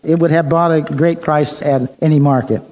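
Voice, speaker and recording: Mellow-voiced man telling a sermon story. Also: on the high side, steady tone, normal speed, poor audio. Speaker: preacher.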